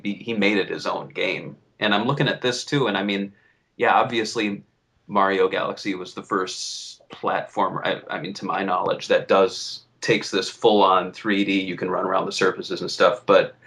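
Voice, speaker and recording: A man's voice: low voice, vocal fry, a bit bright. A man co-hosting a podcast, chatting casually and rambling with fillers. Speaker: podcast co-host. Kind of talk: casual chat.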